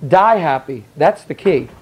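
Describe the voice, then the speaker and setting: A man voicing a wise ancient statesman who gives measured advice. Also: a little high, animated, slightly rough, low-quality recording. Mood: calm.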